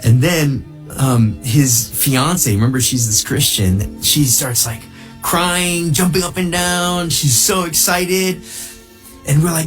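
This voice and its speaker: A man, a missionary, telling a testimony in an animated storytelling way, leaping high in pitch when he acts out what people said. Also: measured pace, soft background music. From United States. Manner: excitable, jumps high when quoting people, laughs through the telling.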